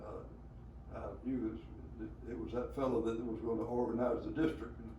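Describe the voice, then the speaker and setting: A man's voice: medium pitch, fairly even intonation, normal speed, darkish tone. Elderly Southern man telling old stories. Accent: Southern American. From rural Alabama. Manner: rambling storyteller, many hesitations and chuckles. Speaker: veteran being interviewed. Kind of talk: storytelling interview. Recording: roomy, from a distance, faint background noise.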